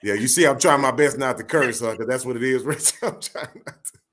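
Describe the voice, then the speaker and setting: A man's voice: mid-range voice, fairly quick, fairly bright tone. A man co-hosting a boxing talk show, chatting in a laid-back, rambling, slangy way. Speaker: boxing podcast co-host. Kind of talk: casual chat.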